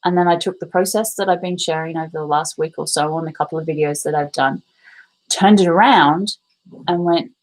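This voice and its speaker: A woman speaks in a slightly low voice during a casual live stream. She is open and confessional, clears her throat often and lets the odd swear word slip. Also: fairly even intonation, fairly quick, poor audio. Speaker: vlogger.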